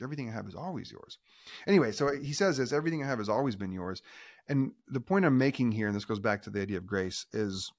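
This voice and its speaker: A man, a pastor and author, telling a story in a conversational interview, animated and given to restarts. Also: on the low side. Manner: animated, acts out quoted voices, self-restarting.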